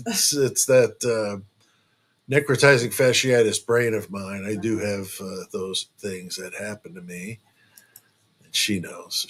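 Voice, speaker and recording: Husky and on the low side, this man's voice carries a relaxed true crime livestream he runs from home. His talk wanders, with jokes, plenty of filler words, and frequent restarts.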